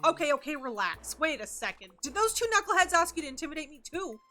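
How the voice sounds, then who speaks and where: A flustered, indignant male dock worker, played by a woman reading a video game aloud, fires off defensive questions and refuses to back down. The voice is high and bright, with a tense edge. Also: sing-song, quick pace, faint music behind, full character voice. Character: frazzled male dock worker and family man.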